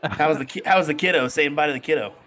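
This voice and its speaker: A man doing live darts commentary in a relaxed, chatty way. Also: on the high side, racing. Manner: relaxed, chatty, laughs easily.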